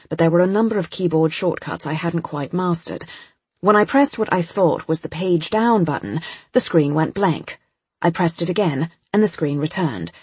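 Woman narrator, first-person audiobook, breathy husky tone, dry close recording. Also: deep voice, a little mellow, no room sound. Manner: tense, urgent storytelling.

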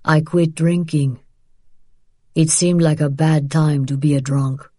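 Woman doing a tired old dad voice, gruff, slow and low, dark dry audiobook sound. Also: steady tone, dry recording, heavily acted. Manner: weary, low and firm. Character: tired thin elderly Parisian father, gruff. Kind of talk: audiobook character voice.

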